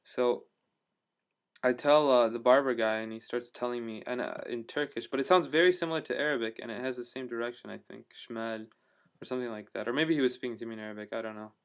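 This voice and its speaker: A man records a casual video diary, talking to the camera about his travels. His voice is smooth and clear and sits at an ordinary middle pitch. He rambles enthusiastically, stopping and restarting his sentences and filling the gaps with "uh" and "you know.". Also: fast. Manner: rambling, full of fillers and restarts; enthusiastic storyteller. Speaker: travel vlogger.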